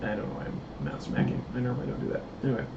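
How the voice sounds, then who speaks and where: A man's voice: medium pitch, sing-song, rapid-fire. A man hosting a casual live stream while building puppets, rambling and answering chat comments. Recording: roomy, dull, faint hiss.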